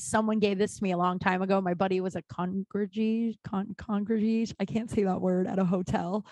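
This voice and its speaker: A woman's voice: medium pitch, no echo. A woman in her thirties hosting a podcast, telling a casual story with lots of swearing, acting out the people she quotes. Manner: animated, profane, acts out quoted people. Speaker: podcast host.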